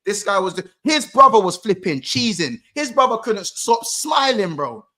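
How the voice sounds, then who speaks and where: Man, bright forceful voice, slightly raised pitch, slangy banter. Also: very animated, moderate pace. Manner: emphatic, repetitive, slangy. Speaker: podcast co-host. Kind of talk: casual banter.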